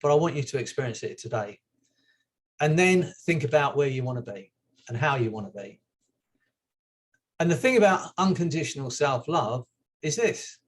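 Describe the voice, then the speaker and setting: A man, a hypnotherapist, talking to a group in a gentle, chatty way with soft laughs. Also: medium pitch, lively intonation, normal speed, long pauses. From England. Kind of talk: relaxed group therapy talk.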